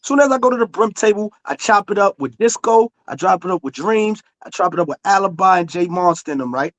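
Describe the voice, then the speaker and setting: Insistent high-voiced New man. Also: animated, fairly quick, no echo. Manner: insistent, repeats himself, talks over others. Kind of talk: heated casual argument.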